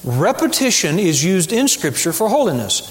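Emphatic preacher in a reverberant hall. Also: male voice, high-pitched, sing-song. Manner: emphatic preaching with rhetorical questions and deliberate repetition. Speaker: pastor. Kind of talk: sermon. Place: church sanctuary.

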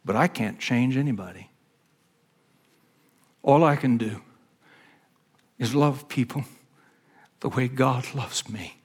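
A man's voice: medium pitch, takes it slowly, pauses often, husky. A man, a pastor preaching a sermon in an earnest, conversational storytelling manner.

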